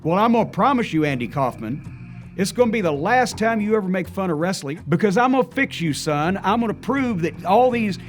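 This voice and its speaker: A man's voice: high voice, big pitch swings, brisk, soft background music. A man doing a cocky, threatening wrestler. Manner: blunt, threatening, swaggering. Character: cocky male pro wrestler making threats.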